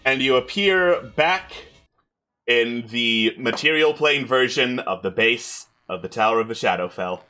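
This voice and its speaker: Game master guy, bright voice, playful and quick with the story stuff. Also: mid-range voice, faint music behind. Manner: lively, playful narration. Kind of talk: tabletop game narration.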